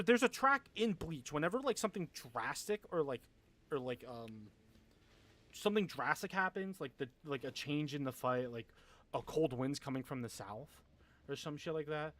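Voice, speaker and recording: A man's voice: fairly high pitch, fairly bright tone. A young man chatting casually with viewers on a gaming livestream, rambling, swearing a lot and laughing often.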